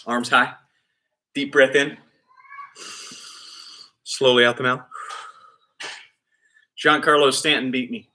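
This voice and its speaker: A kids' PE coach runs a live online class, counting reps and cheering the children on with playful energy. His voice is medium-pitched and slow, with frequent pauses, and he shouts excitedly during the exercises.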